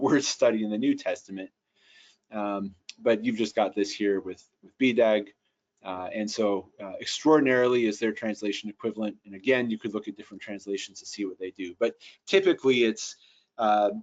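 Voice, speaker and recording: A man's voice: mid-range voice, lo-fi sound. A man teaching Greek translation notes, thinking aloud with frequent restarts and fillers. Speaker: Bible software trainer.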